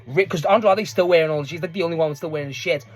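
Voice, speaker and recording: High-voiced man rambling excitedly. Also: fast. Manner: rambling, excitable, laughs often, swears. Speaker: wrestling fan reviewer. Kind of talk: casual match recap ramble.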